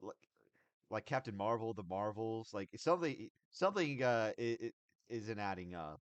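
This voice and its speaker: A man hosting a podcast in casual reaction chat, halting and restarting as he thinks aloud and reads chat. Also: lowish voice, lively intonation, clean tone, dry recording, muffled recording. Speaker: podcast host.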